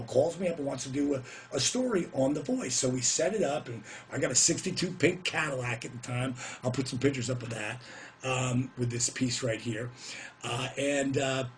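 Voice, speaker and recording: A middle-aged man telling a story to camera in a casual, animated way, whooping now and then and putting on voices for the people he quotes. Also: mid-range voice, slight background noise.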